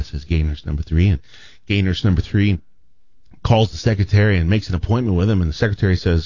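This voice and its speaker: A man's voice: deep voice, fast talker, no room sound, muffled recording. A man hosting a radio show in casual chat, telling a story with many restarts. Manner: rambling with restarts, animated joke telling.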